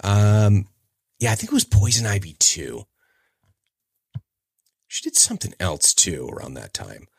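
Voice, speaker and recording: A man in his forties hosts a podcast alone, talking in a rambling, chatty way. His voice sits fairly low but swings widely up and down. The sound is dry and close, with no room around it. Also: very animated, unhurried, vocal fry, pauses often, slightly rough, no room sound. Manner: rambling, chatty, trails off searching for names. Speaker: podcast host. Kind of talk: casual solo podcast chat.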